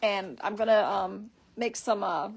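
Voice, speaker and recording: A woman's voice: mid-range voice, a little slow, gravelly, slight background noise. A woman hosting a casual live stream on her phone, rambling through her story and reading viewer comments aloud.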